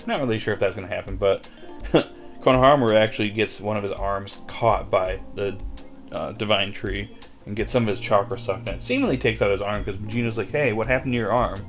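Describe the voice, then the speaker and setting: A man's voice: fairly low pitch, fairly quick, faint music behind. A man giving a casual, chuckling recap of an anime episode, with lots of fillers. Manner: chuckles often, filler-heavy.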